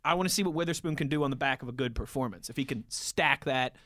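A man's voice: medium pitch, fast talker, a bit bright, no echo, clean studio sound. A man hosting a football podcast who reads listener messages aloud and chats in an easygoing way. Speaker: podcast host reading listener tweets. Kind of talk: casual sports chat.

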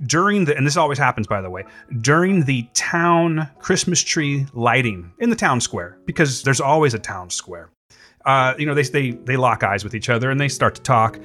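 A man co-hosting a comedy podcast, improvising sarcastic, dramatic story pitches and addressing his partner by name. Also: fairly bright tone.

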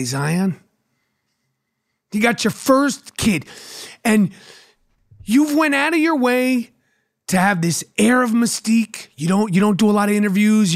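A middle-aged man with a New York accent, hosting a podcast and delivering a brash, profane, mocking solo rant. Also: high voice. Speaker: podcast host.

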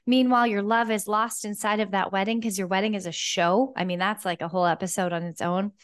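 A woman's voice: mid-range voice, fairly even intonation, fast. A woman co-hosting a podcast about love and relationships, telling a personal story in a candid, emotional way with casual swearing. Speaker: podcast co-host. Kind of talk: casual chat.

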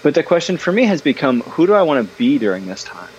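A man guesting in a casual interview conversation, talking about his books in an animated, chatty way, full of fillers and restarts. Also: on the high side, fast talker, muffled recording, a little hiss or hum. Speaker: guest, parenting author.

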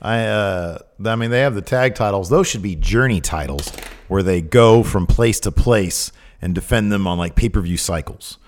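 A man's voice: fairly low pitch, moderate pace. Enthusiastic male podcast co-host. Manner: enthusiastic, rambling, laughs often. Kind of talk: casual chat.

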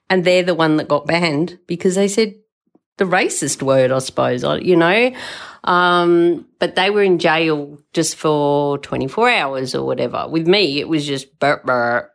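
An older woman hosting a podcast, telling a story in an emotional, rambling way and swearing freely. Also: deep voice. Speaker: podcast host. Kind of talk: casual storytelling monologue.

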